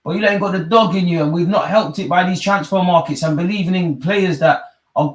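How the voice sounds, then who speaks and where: Hosting a live football watch-along, this young man talks fast and full of slang. He's animated, lurching between loud outbursts and low muttering.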